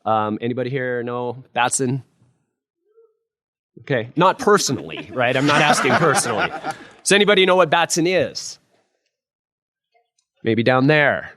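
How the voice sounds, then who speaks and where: A man's voice: mid-range voice, normal speed, pauses often, fairly bright tone. A man, a criminal defense lawyer, talking casually and with self-deprecating humor on a live panel in front of law students. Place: law school lecture room with student audience.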